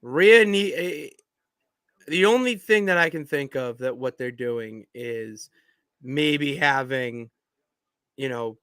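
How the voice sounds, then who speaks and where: A man's voice: medium pitch, takes it slowly, a bit bright, clean tone, no room sound. Rambling man co-hosting a podcast. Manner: rambling, trails off and restarts. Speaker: podcast co-host. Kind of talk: casual wrestling chat.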